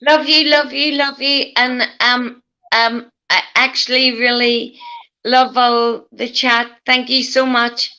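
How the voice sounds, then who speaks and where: Slow Northern Irish woman, bright voice. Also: fairly high pitch, little pitch movement, highs cut off. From Northern Ireland. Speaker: panel guest. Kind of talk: casual chat.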